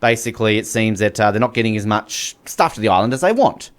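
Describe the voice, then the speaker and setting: A man's voice: fairly low pitch, expressive, quick pace. An Australian man hosting a radio show in casual, joking banter. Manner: joking, rambling, laughs often. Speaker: radio host.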